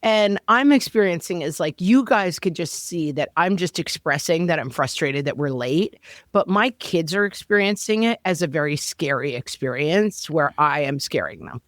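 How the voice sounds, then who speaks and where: A woman's voice: deep voice, normal speed, no room sound, studio quality. A woman co-hosting a parenting podcast, chatting casually, joking and acting out quoted exchanges. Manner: animated, jokey, acts out quoted exchanges. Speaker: podcast co-host.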